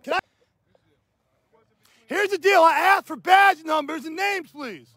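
A man's voice: very high voice, measured pace, bright, forceful tone, dry recording. A man, filming outdoors on his phone as he confronts police on his property, demanding and repeating himself. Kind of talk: heated confrontation, filmed live. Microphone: handheld phone camera.

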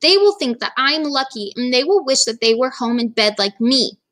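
A woman reading aloud, voicing an anxious woman who dreads her new school in a whiny, drawn-out way. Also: sits high, lively intonation, fairly bright tone. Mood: sulky.

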